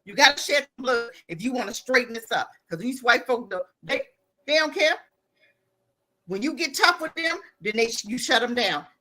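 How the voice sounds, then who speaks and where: A woman's voice: fairly high pitch, animated, normal speed, pushed and bright. A woman giving blunt, impassioned commentary as a guest on a podcast.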